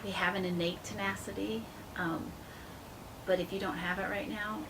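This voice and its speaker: A woman guest in a casual interview, telling her story with animated quotes that soften into a hushed, earnest tone. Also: mid-range voice, normal speed, noisy background. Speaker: interview guest, ministry founder.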